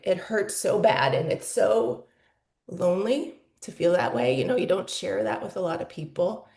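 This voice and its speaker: A woman's voice: fairly low pitch, creaky, a little mellow, echoey room. A woman in her forties telling her personal story as a podcast guest, candid and emotional, with lots of "like" fillers. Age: 40s.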